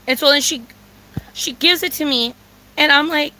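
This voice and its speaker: A young woman telling a profane, dramatic storytime rant, with a Mexican Spanish accent, jumping into high squeals when she quotes herself. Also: normal speed, pauses often, pushed and bright, low-quality recording. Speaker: vlogger.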